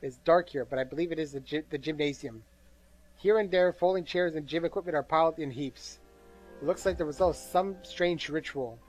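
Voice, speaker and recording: A man's voice: a little high, a little fast, darkish tone, soft background music. A man reading a game's narration aloud during a playthrough, tired and bored, with small slips and asides. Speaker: gameplay commentator reading game text aloud.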